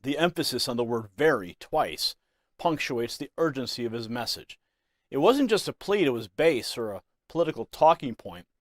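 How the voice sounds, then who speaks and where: A man's voice: mid-range voice, animated, moderate pace, no echo, clean studio sound. A man presenting scripted news commentary with a dramatic, emphatic delivery.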